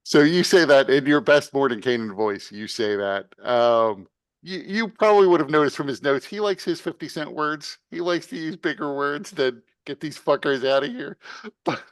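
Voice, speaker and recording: A man running a tabletop game as game master, narrating scenes and giving calm, matter-of-fact rulings. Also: on the high side, moderate pace, clean tone, no room sound.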